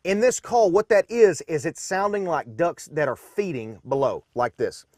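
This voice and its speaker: A man's voice: a little high, moderate pace, darkish tone, no echo, clean studio sound. A man from Arkansas, demonstrating duck calls in a folksy, instructional way from a duck blind.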